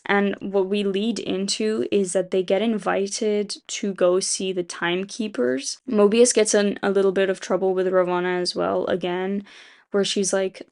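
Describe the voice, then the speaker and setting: A woman's voice: mid-range voice, flat delivery, normal speed, darkish tone. A woman casually retelling a story plot, rambling with lots of fillers, quoting characters in passing and swearing freely as she gives her opinions. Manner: rambling, filler-heavy, voices quoted characters. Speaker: video essayist.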